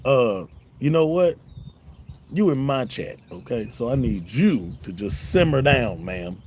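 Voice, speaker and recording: A man's voice: mid-range voice, very animated, a little slow, a little hiss or hum. A middle-aged man with a Southern drawl, hosting a casual livestream and joking back at his chat in a laid-back way. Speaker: YouTube host reading live chat. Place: home, smoking a cigar on a livestream.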